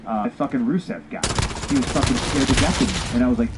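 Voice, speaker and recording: A man recounting his wrestling days in a blunt, profanity-laced interview, his voice rising whenever he acts out old arguments. The clip plays under loud game gunfire and battlefield noise that never lets up. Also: medium pitch, fast, few pauses. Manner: profane, animated, acts out quoted dialogue. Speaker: interview guest, former pro wrestler. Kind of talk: candid storytelling in an interview. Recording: podcast audio played over loud game gunfire.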